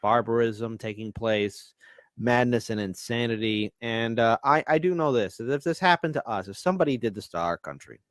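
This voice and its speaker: A man co-hosting a political show, talking in a measured way with sarcastic asides. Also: medium pitch, no room sound. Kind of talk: casual political discussion.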